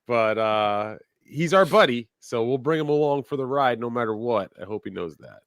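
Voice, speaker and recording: A man's voice: medium pitch, animated, moderate pace, a bit bright, no room sound. A man co-hosting a podcast in casual chat, making dry wisecracks. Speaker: podcast co-host.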